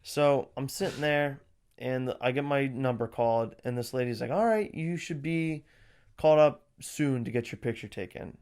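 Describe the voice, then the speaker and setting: A young man co-hosting a podcast, telling animated, profanity-laced stories in casual chat and acting out what people said. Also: medium pitch, moderate pace, clear, resonant tone. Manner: animated, swears a lot, acts out quotes. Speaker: podcast co-host.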